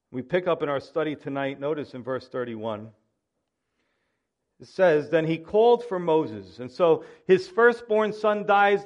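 A man preaching a Bible study sermon, emphatic and rising in intensity, then dropping low and quiet to drive points home. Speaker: pastor.

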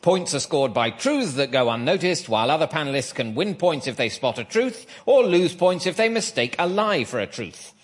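A man's voice: a little high, very animated, moderate pace, few pauses. A man hosting a radio panel game, with a dry, wry delivery and frequent chuckles. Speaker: quiz show host.

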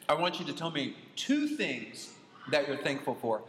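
A man's voice: fairly high pitch, big pitch swings, normal speed, fairly bright tone, slight background noise. A man co-hosting a podcast, chatting casually in an upbeat, friendly way. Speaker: podcast co-host. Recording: echoey room with long reverb, faint ambience.

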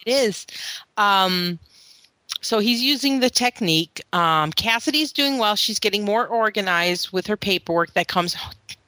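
Lively bright-voiced woman chatting. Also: mid-range voice, unhurried, no room sound. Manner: chatty, laughs often, acts out her kids' lines. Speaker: podcast host; mother of children in therapy. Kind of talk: casual chat.

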